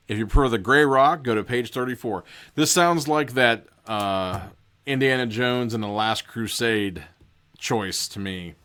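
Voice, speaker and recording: A man's voice: fairly low pitch, fairly bright tone, smooth. A man hosting a podcast, casually reading a horror gamebook aloud and breaking off for joking asides. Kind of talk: casual read-aloud with commentary.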